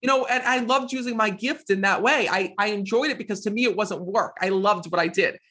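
This psychic medium, speaking in an interview with a high-pitched voice at a slightly fast pace, recounts stories casually and with animation. He often falls back on the phrase "next thing you know."

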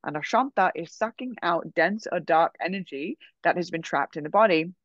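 A woman's voice: lowish voice, normal speed, no echo. Woman rambling thru a story, lots of likes and ums, dry dull audio. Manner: animated, frequent "like" and "um" fillers. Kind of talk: casual storytelling.

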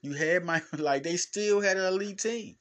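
A man hosting a solo sports podcast as a basketball analyst, talking in an animated, emphatic way with slangy phrasing and frequent stammered restarts. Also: sits high, moderate pace. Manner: informal slangy speech, addressing fans directly. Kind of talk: casual solo podcast talk.

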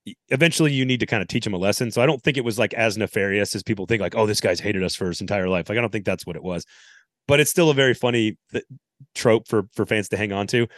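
A man's voice: on the low side, fast, fairly bright tone, dry recording, clean studio sound. A man hosting a casual sports podcast, laid-back and wry, with plenty of ums and uhs. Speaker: podcast host.

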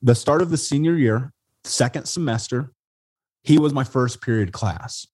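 A man from Indiana, an interview guest, telling his life story in a casual, animated way, swearing and calling people "dude" and "man". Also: medium pitch, normal speed, breathy edge, no echo. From Indiana, USA.

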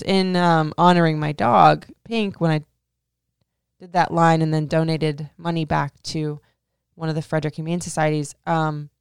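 Frank, low-voiced woman podcast host. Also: creaky, smooth, dry recording, studio quality. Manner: frank, profane, heavy use of "like". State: emotional, near tears. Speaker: podcast host answering listener questions. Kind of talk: casual Q&A podcast.

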